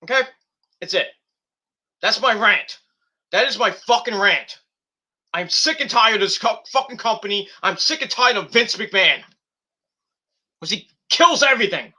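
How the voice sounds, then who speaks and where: Bright, high-voiced man ranting. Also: animated, moderate pace, pauses often. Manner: profane, heated ranting. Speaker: wrestling review host. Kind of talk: ranting show review.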